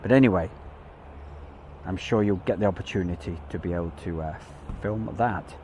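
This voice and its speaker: A man's voice: low-pitched, normal speed, dark tone, slight background noise. A man with an English Midlands accent hosting a live stream, chatting in a rambling, self-deprecating way. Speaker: livestream host. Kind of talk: casual live commentary.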